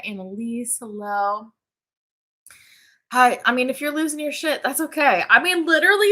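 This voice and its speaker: A woman's voice: fairly high pitch, bright, forceful tone. A woman hosts a casual livestream, audibly worn out and yawning between sentences. She chats in a loose, rambling way, laughing easily and greeting viewers as they arrive. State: tired and yawning. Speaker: livestream host. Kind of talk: casual live chat.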